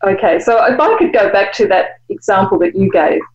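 A woman guest and author, explaining ideas in a measured, reflective way. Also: mid-range voice, lively intonation, highs cut off. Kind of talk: conversational interview.

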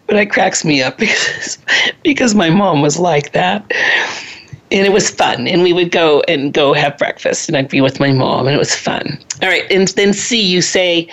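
A woman's voice: fairly low pitch, normal speed. A woman in her sixties hosting a parenting talk, giving a conversational lecture with chatty asides and personal stories. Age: 60s. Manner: chatty, drifts into personal anecdotes and laughs at herself.

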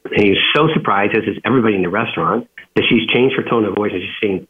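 A fast-talking man with a fairly low voice, an author and businessman, tells a story as an interview guest. He rambles, with frequent fillers and restarts, and the audio has a tinny phone-line quality.

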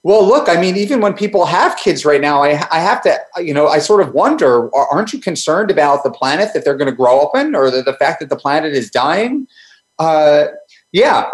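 A man speaking as a panel guest, often stumbling and restarting his sentences. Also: a little high. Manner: halting, repetitive restarts. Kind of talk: panel discussion.

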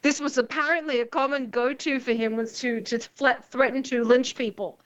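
A woman's voice: high-pitched, fairly even intonation, normal speed. A woman with an Australian accent, hosting a casual talk show and chatting with a laugh. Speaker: host. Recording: muffled lo-fi audio.

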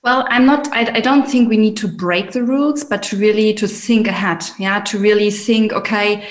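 A woman speaking as a panel guest, halting, often adding "yeah" while she searches for words. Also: medium pitch, steady tone, reverberant. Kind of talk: conversational panel talk.

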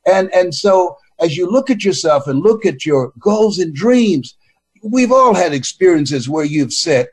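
Man, motivational speaker, storytelling, preacher-like cadence, slightly high and husky. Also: a little slow. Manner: animated storytelling, repeats words when excited. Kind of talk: motivational speech.

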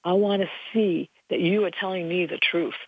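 Older lady, low gravelly voice, folksy spiritual talk, dull lo-fi sound. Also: fairly even intonation, normal speed, no room sound. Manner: earnest, folksy, rambling. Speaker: spiritual teacher. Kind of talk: casual spiritual monologue. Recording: dull lo-fi recording.

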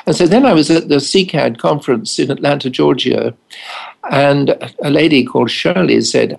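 In poor audio, an older man from England, a GP who also treats addiction, recounts stories with dry humor during an interview and performs the quoted lines. He speaks at a moderate pace in a fairly high, slightly rough voice with vocal fry.

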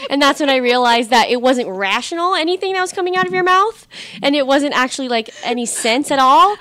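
A woman's voice: high voice, lively intonation, bright, forceful tone, no room sound. A young woman co-hosting a podcast in casual chat, laughing often as she talks. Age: young adult. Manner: giggly, quick to laugh. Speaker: podcast co-host.

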